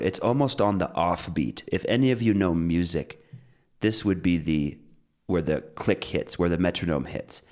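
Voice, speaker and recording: A man teaching an English pronunciation lesson, upbeat and explaining step by step, reading short rhymes in a steady beat. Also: low-pitched.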